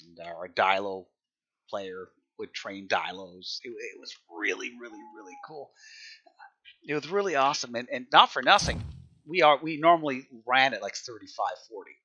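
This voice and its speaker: Guy streaming games and rambling, bright voice, kinda muffled lo-fi mic, laughs a lot. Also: fairly low pitch. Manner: rambling, repeats words, laughs often. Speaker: game server admin and streamer. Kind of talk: casual live-stream chat.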